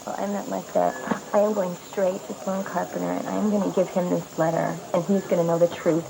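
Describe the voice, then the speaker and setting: A frantic young student. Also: female voice, lowish voice, level tone, a little fast, creaky, noisy background. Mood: indignant. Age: young adult. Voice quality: agitated, pleading. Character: young female student, anxious and defiant. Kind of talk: 1990s TV soap opera acting. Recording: TV audio with music underneath.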